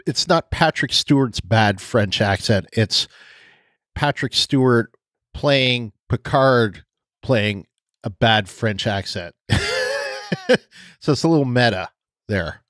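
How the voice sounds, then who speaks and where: A man's voice: medium pitch, slow, pauses often, fairly bright tone, dry recording, studio quality. A man co-hosting a podcast, chatting casually, laughing often and trailing off with fillers. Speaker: podcast co-host.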